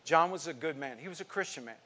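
Fairly high-voiced animated preaching man. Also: fast. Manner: animated storyteller, swings from quiet asides to emphatic outbursts. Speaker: pastor. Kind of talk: sermon with personal storytelling.

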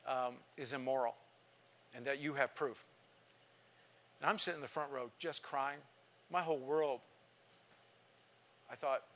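A man's voice: a little high, bright, forceful tone. A male pastor preaching a sermon, telling a personal story with emotion and building to emphatic exhortation. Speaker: visiting pastor.

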